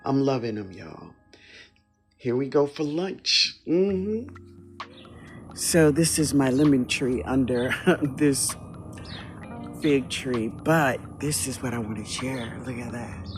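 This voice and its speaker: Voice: medium pitch, slow, pauses often, soft background music. A home gardener with a New Orleans accent, giving a casual, enthusiastic walk-through of their own backyard garden and often addressing viewers as "y'all.". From New Orleans, USA. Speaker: home gardener, channel host.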